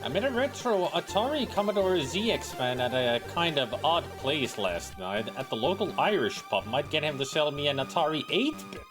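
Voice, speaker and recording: Music plays behind a man whose slightly high voice carries casual gameplay commentary at a moderate pace with few pauses. As a streamer he's animated, rambling and riffing, with some swearing.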